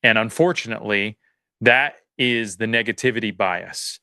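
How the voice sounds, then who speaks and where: Bright, crisp-voiced male guest. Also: fairly low pitch, moderate pace, dry recording. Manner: earnest, motivational, thinks aloud with many restarts. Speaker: podcast guest, farmer. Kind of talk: casual interview talk.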